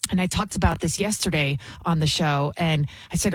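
Indignant woman host, husky voice. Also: fairly low pitch, animated, moderate pace, hardly any pauses, no echo, rough recording. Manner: indignant, emphatic, repeats words for emphasis. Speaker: talk show host. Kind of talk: opinionated commentary.

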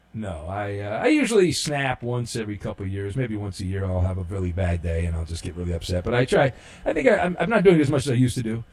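Rambling sports talk show host man. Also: medium pitch. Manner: rambling, many fillers and restarts; sarcastic, deadpan humor. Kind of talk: casual talk show chat.

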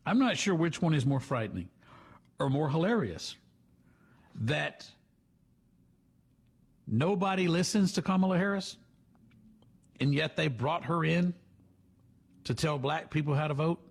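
A man's voice: a little high, lively intonation, measured pace, vocal fry, long pauses, breathy edge. A man hosting a talk show, delivering sarcastic, opinionated commentary. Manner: sarcastic, mocking. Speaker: radio host.

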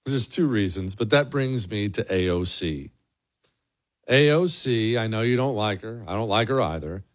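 A man's voice: on the low side, expressive, moderate pace. A man hosting a political commentary show, talking in an emphatic, mocking monologue. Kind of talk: opinionated monologue.

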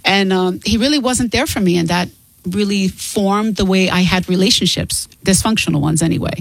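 A woman's voice: mid-range voice, moderate pace, gravelly, no echo, rough recording. Earnest woman on dry studio mic. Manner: earnest and open, laughs easily. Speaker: guest author. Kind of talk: candid interview conversation.

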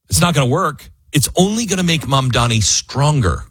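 A man's voice: mid-range voice, normal speed, hardly any pauses, husky, dry recording. A male radio talk show host, emphatic and opinionated, with a dry close studio sound. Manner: emphatic, animated, mocks others in put-on quotes.

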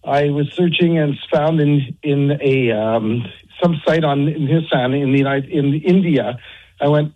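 A man's voice: a little high, measured pace. A man calling in to a radio show, telling a story in a matter-of-fact way. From Quebec. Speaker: caller. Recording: dull phone line.

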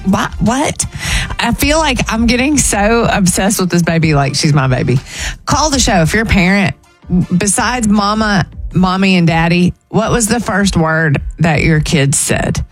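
A young woman hosting a morning radio show, chatting in a gushing, emotional way from the studio. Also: medium pitch. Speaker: radio host.

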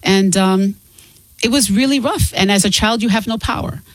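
Woman guest, earnest and reflective, mid-pitched, dry close studio sound. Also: normal speed, no echo, rough recording. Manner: earnest, reflective, with frequent restarts. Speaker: guest author and singer. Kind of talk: candid interview talk.

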